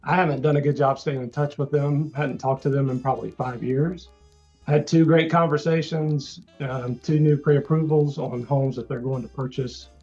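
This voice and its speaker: A man's voice: medium pitch, fairly even intonation, moderate pace, darkish tone, muffled recording, soft background music. A man from Georgia calling in to a show, telling about his client calls in an easygoing, plain way. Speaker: caller, loan officer. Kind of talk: casual call-in chat.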